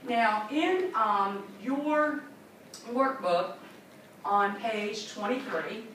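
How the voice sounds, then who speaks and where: A woman's voice: fairly high pitch, animated, very slow, a bit bright. A woman trainer leading a classroom training session, upbeat and chatty, acting out little scenes. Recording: echoey room from far off, noisy.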